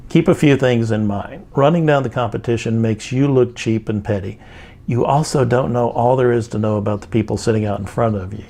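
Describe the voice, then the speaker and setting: An older man with a Texan accent delivers a recorded lecture in a plainspoken, folksy way, his voice sitting at an ordinary middle pitch. He talks like an instructor sharing hard-won advice, with frequent fillers and restarts. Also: vocal fry, darkish tone.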